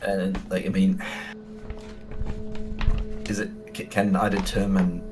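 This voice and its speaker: A man's voice: low voice, level tone, slow pace, over music. A man playing a tabletop game, asking questions hesitantly with many uhs and likes. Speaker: player. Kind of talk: casual tabletop game chat.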